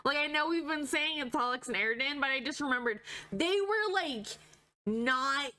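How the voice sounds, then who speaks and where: A woman streamer reading a webcomic with her husband, giggly and excitable in casual chat. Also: sits high, normal speed.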